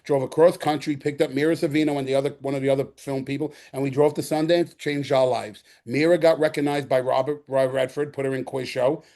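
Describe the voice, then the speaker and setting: A middle-aged Bronx man with a New York accent appears as a guest actor in a storytelling interview, spinning animated tales, acting out quotes, and repeating himself. His mid-range voice is brisk, with hardly any pauses.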